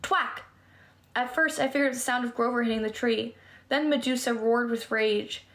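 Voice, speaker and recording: A woman with a fairly high voice reads a first-person adventure novel aloud. She keeps a plain storytelling pace and sometimes trips over a word and starts it again. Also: steady tone, brisk, a bit bright. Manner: stumbles and restarts words while reading. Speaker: reader.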